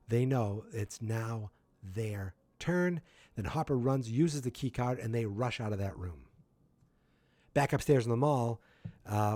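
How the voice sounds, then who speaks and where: Low-ish guy recapping a show, chatty and rambly, dry close sound. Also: darkish tone, no echo. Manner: chatty, rambling storyteller with asides. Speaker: podcast host. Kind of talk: casual episode recap.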